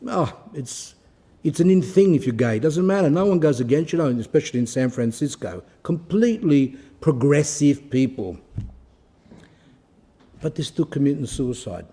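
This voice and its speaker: A man giving a blunt, moralizing Orthodox Christian talk, slowing down to read passages aloud. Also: a little high, animated, warm tone. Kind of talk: recorded moral talk, reading and commenting on a text.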